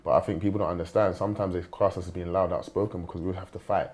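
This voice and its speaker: This young man speaks in a low, deep voice, and he talks quickly. He is a footballer sitting on a panel and answers earnestly, often restarting his sentences. His tone is dark and mellow. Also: fairly even intonation. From London. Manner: fast, earnest, with many restarts. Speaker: professional footballer, guest. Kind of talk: panel discussion.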